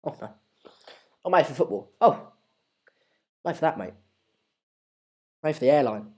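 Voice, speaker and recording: A man's voice: fairly high pitch, expressive, unhurried, dark tone. A man with an English accent hosting a live stream, chatting casually and reading out viewer comments in a rambling, jokey, self-deprecating way. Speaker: livestream host.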